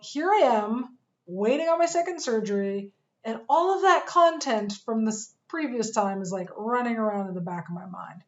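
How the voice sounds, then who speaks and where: A woman teaching a course for fitness coaches, telling a personal story in an earnest, measured way with pauses. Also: on the high side, lively intonation, muffled recording.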